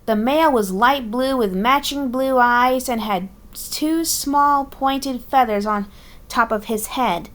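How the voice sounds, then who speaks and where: A woman narrating a fan-written audio story in a slow, deliberate storytelling manner. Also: fairly high pitch, fairly bright tone.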